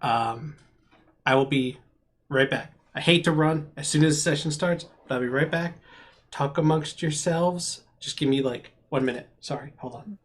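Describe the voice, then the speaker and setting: A man running a tabletop game as game master, talking in a halting way with many pauses and restarts. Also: on the high side. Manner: halting, full of ums and restarts.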